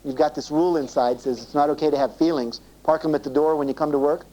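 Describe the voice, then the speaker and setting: A man speaks to a seminar audience in a mellow, warm voice, stopping often to check that they follow. He acts out both sides of everyday conversations. The sound comes from an old 1980s cassette tape. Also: a little high, fairly even intonation, quick pace, poor audio. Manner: acts out dialogue in quoted voices, asks the audience questions. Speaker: self-esteem seminar speaker. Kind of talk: live seminar talk to an audience.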